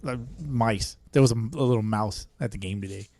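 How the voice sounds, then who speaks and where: A man's voice: on the low side, fairly quick, darkish tone, a little hiss or hum. A man co-hosting a podcast, laid-back and casual, swearing freely as he chats. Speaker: podcast co-host. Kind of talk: casual chat.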